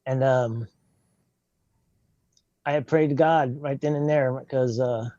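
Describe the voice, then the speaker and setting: An older man with a drawl tells his testimony in a plain, earnest way, often acting out his own past words. His voice is low and mellow, and the recording sounds dry and a little dull. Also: steady tone, takes it slowly, no room sound. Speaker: guest telling his testimony. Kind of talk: personal testimony, casual storytelling.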